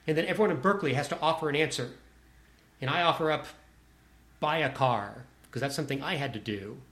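A man's voice: fairly high pitch, fairly quick, a bit bright. A man telling a personal anecdote to a listener in a wry, self-deprecating way.

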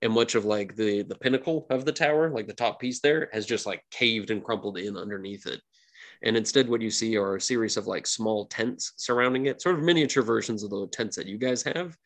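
A man's voice: on the low side, brisk. A man narrating a tabletop role-playing game as game master, in a loose way full of fillers.

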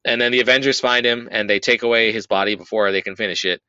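A young man hosting a podcast, rambling through a casual movie recap with profanity and quick put-on character voices. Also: fairly low pitch, fairly even intonation, sharp tone, clear, resonant tone, no room sound, muffled recording. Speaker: podcast host.

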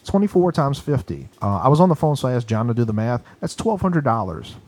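A man ranting in a recording studio, his voice sitting at an ordinary middle pitch. He tells his story in a worked-up, emphatic way and swears often. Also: sing-song, a little fast, a little mellow. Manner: agitated, profane, emphatic ranting. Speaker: podcast co-host.

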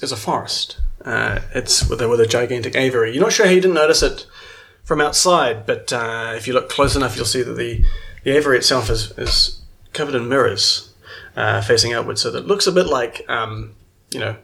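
A man's voice: mid-range voice, vocal fry, pushed and bright. A man narrating a tabletop game as game master, rambling with many fillers.

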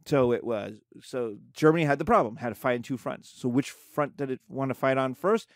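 A man's voice: medium pitch, moderate pace, no room sound, studio quality. A man giving a casual history lecture as a teacher, talking colloquially and acting out the nations in quoted voices.

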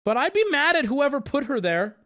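A man's voice: very high voice, very animated, brisk, pushed and bright. A young man streaming, reacting in casual, blunt, profane chat and laughing often.

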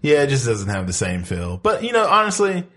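A man's voice: medium pitch, wildly swooping pitch, a little fast, fairly bright tone. A man co-hosting a comic book podcast in casual chat, rambling and swearing loosely between laughs. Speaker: podcast co-host.

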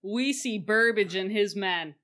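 Woman podcast cohost, bright voice, goofy recap, does little character voices. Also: medium pitch. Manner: playful, acts out characters in quick asides. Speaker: podcast co-host. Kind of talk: casual chat recapping a film.

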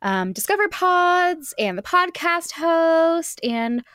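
A woman's voice: very high voice, big pitch swings, slow, a bit bright, no room sound, clean studio sound. A woman hosting a casual podcast chat, enthusiastic, often restarting her sentences. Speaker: podcast host.

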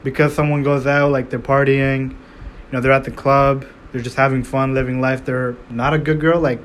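A man's voice: medium pitch, flat delivery, moderate pace, a little hiss or hum. Sarcastic rambling young man. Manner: sarcastic, rambling, swears freely, rhetorical questions. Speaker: podcast host. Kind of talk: casual comedic commentary.

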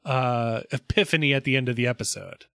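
A man co-hosting a podcast, casually summarizing a TV episode's plot and chiming in with quick agreement. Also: mid-range voice, gravelly, pushed and bright, clear, resonant tone, dry recording, clean studio sound. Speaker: podcast co-host. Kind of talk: casual chat recapping a TV episode.

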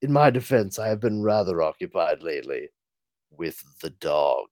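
A man voicing a dry, formal older male butler, clipped, low and quiet. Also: very animated, normal speed, no room sound.

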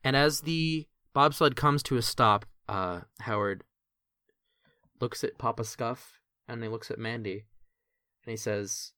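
A man's voice: medium pitch, a little slow, sharp tone, clean tone, no echo, clean studio sound. A man narrating as game master in a tabletop game, in a casual rambling way.

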